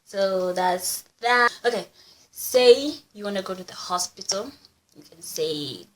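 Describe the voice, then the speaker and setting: A woman's voice: mid-range voice, animated, a little slow, slight background noise, rough recording. Playful young woman vlogging. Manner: playful, chatty, laughs often. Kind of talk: casual language vlog.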